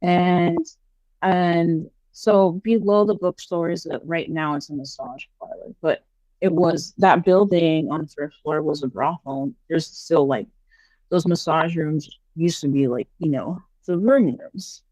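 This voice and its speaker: A woman guest on a podcast, casually telling paranormal stories in a chatty, animated way full of fillers. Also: low voice, measured pace, no echo, muffled recording. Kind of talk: casual storytelling interview.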